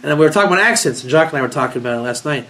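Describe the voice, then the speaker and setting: Man, South African accent, rabbi, casual storytelling, rambling, chuckling, slightly high voice. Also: animated, racing, fairly bright tone. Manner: rambling, chuckling, many restarts.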